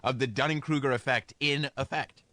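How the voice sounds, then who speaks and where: A man hosting a talk radio show, measured and wry as he weighs in. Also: medium pitch, fairly even intonation, bright, forceful tone, dry recording.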